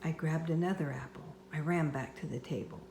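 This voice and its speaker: An older woman reading a children's book aloud at home in a slow, expressive storyteller manner. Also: low voice, noisy background. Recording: echoey room with faint ambience.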